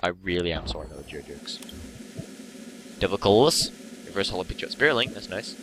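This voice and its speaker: A man's voice: sits low, animated, brisk, noisy background. A young man with an English accent, opening card packs on camera in hyperactive, sweary casual commentary. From England. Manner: hyperactive, swearing, laughing often.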